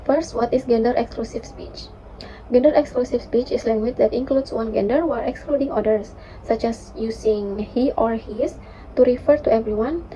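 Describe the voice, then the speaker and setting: Young woman reading a class presentation, very mellow. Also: fairly high pitch, a little hiss or hum. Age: young adult. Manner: careful, steady reading with occasional fillers. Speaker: university student presenter. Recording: dull lo-fi recording.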